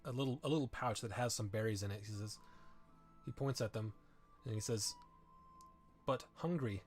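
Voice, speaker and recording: With faint music behind him, a man with a lowish voice narrates as game master of a tabletop game. He improvises descriptions haltingly, with frequent restarts and fillers.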